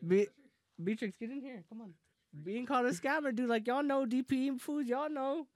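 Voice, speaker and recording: A young man casually telling a heated story among friends, profane and animated, often laughing. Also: very high-pitched, normal speed, no echo.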